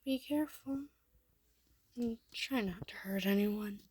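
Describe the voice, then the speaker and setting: A woman's voice: mid-range voice, slow, darkish tone, husky. Woman doing a shy, hesitant young kid. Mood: caring. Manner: hesitant, caring.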